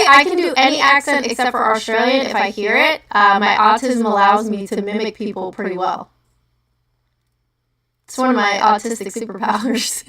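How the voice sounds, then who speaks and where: A woman with a New Jersey accent rambles through casual livestream chat, swearing freely and laughing often. Her voice sits a little high and reaches the listener from a distance. It comes from an echoey room with the mic set well away. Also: bright, forceful tone. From New Jersey, USA. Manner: rambling, profane, quick to laugh. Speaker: livestream host.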